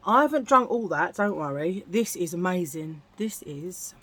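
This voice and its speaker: A woman's voice: fairly low pitch, animated, moderate pace, a bit bright. Chatty self-mocking woman. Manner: chatty, self-mocking, laughs at her own jokes. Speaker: beauty vlogger. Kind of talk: casual get-ready-with-me chat.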